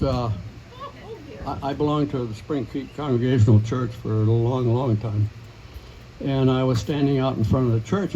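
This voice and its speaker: Old man in his nineties, gravelly, telling jokes, halting, chuckling, muffled recording. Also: mid-range voice, dark tone, a little hiss or hum. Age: 90s. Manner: halting, chuckling, with many fillers. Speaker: joke teller at a birthday party. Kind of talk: casual joke telling.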